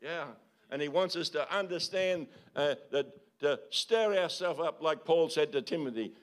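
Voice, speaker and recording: Older male pastor, slightly high voice, preaching with repeated calls and tag questions. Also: unhurried. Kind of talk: sermon. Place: church service.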